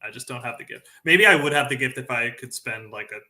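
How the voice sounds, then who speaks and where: A man's voice: mid-range voice, animated, quick pace, pushed and bright. A man from the UK, a guest in a casual interview, chatty and self-deprecating with many fillers. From United Kingdom. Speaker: guest, NFT project creator.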